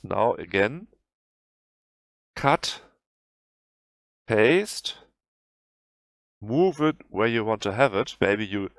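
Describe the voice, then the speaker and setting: A man with a German accent, a native German speaker, talking through a software tutorial in halting English that often restarts. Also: on the low side, no echo, clean studio sound. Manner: halting, self-correcting non-native English. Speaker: tutorial host. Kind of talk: screen-recorded software tutorial.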